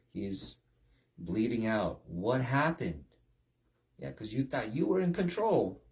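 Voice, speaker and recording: A man's voice: lowish voice, darkish tone. A man preaching a sermon, stressing his points with repeated rhetorical questions. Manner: emphatic, repetitive rhetorical questions.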